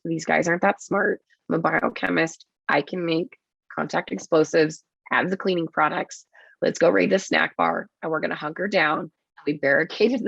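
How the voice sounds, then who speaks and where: A woman nurse tells a story on a podcast with a low, rough, gravelly voice. She swears often and acts out what she said in each moment. The audio is dull and lo-fi with no room sound. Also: fairly bright tone, no echo. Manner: swearing, quick and vivid, acts out her own quotes. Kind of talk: casual storytelling interview.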